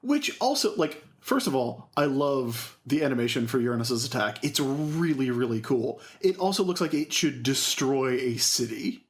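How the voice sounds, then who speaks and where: Man, podcast co-host, enthusiastic, casual chat, medium pitch. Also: big pitch swings, normal speed, few pauses. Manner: enthusiastic, gushing.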